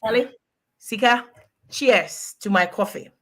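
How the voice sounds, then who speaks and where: A woman's voice: a little high, measured pace, a bit bright. A woman in her forties with a Ghanaian accent, a guest talking casually and animatedly on a live video call, laughing often and slipping into pidgin. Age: 40s.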